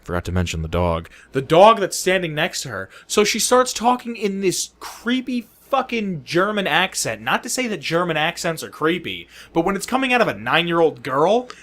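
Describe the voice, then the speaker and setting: Man, podcast co-host, casual chat, swears a lot, pitch swinging all over, slightly high voice. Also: normal speed, few pauses. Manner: animated, profane storytelling that acts out quoted reactions.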